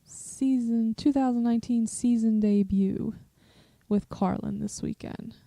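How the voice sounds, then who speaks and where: A woman's voice: fairly high pitch, steady tone, measured pace, creaky, warm tone, no room sound. A woman co-hosting a podcast in casual chat, speaking hesitantly with many fillers. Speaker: podcast co-host.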